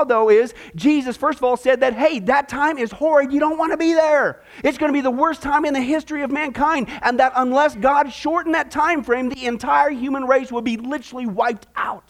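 A male pastor with a strikingly high voice, preaching a sermon in a folksy, joking way. He keeps checking in with the congregation through rhetorical questions. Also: a bit bright. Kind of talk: sermon with humorous story.

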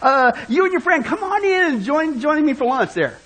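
A man's voice: very high-pitched, sing-song, normal speed, fairly bright tone, pitched above the performer's own voice, heavily acted. A man voicing a cheerful, welcoming male movie star.

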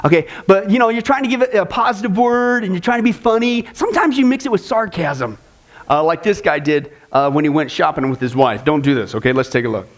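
A male pastor delivering a sermon with a strikingly high voice for a man. He talks in an emphatic, chatty way. He keeps pulling his listeners in with quick asides and checks. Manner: emphatic, repeats "listen" and "okay?".

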